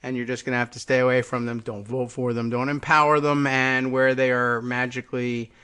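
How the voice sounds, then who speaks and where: A man's voice: mid-range voice, little pitch movement, fairly quick, pushed and bright, clear, resonant tone. A man hosting a live political talk radio show, musing sarcastically in a rambling, hesitant way. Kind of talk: casual political talk monologue.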